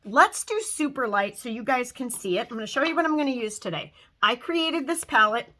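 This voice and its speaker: A woman in her fifties gives a casual makeup tutorial at home as a makeup vlogger, chatting while she works and trailing off into fillers. Her voice is on the high side, expressive, bright, brisk, and forceful.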